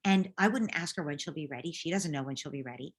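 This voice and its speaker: A woman answering a parent's question as a parenting coach, gently modeling what to say to children. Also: low-pitched, fast, slightly rough. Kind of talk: advice in a live Q&A.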